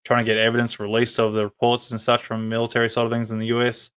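Speaking fast with a completely flat delivery, an Australian podcast host rambles casually during a live stream, full of ums and restarts. His mid-range voice is smooth and a bit bright.

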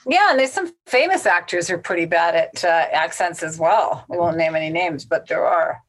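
A woman's voice: on the low side, lively intonation, normal speed. A woman and casting director in a casual interview, talking bluntly and directly. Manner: blunt, straight-shooting.

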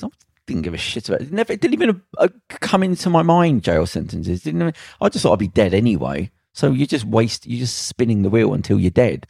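Gravelly, blunt man. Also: fairly low pitch, sing-song, a little fast, dark tone, dry recording, clean studio sound. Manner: blunt, sweary, acts out quoted voices. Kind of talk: casual storytelling chat.

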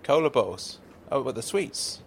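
A man's voice: medium pitch, animated, normal speed, vocal fry, slight background noise. A man in an audio sitcom, talking in a rambling, apologetic, stammering way. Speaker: comic performer.

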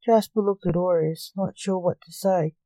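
A woman reading a short story aloud in a slow, measured way. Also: lowish voice, fairly even intonation, warm tone, dry recording, low-quality recording.

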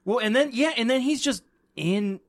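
Animated man rambling with lots of "like". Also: very high-pitched, normal speed. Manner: rambling, heavy use of "like", giggly. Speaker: podcast co-host. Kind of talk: casual movie-recap chat.

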